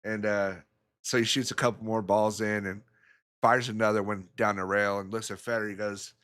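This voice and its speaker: A man's voice: fairly low pitch, little pitch movement, normal speed, fairly bright tone. A man commentating a pool match in a casual way, rambling through stories and chuckling often.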